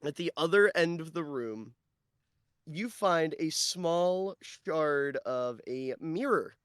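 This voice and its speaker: A man in the game master's seat, describing rooms at a deliberate pace and slowing down for the eerie parts. His voice sits a little high for a man, and the sound is close and dry with no room around it. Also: lively intonation, fairly bright tone, clean tone, dry recording. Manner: descriptive, slowing for dramatic narration. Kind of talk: narrating a tabletop game.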